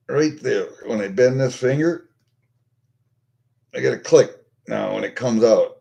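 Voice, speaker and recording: Older man, American, angry venting vlog, constant swearing, dark tone. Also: mid-range voice, moderate pace, vocal fry, long pauses. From United States. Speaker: vlogger.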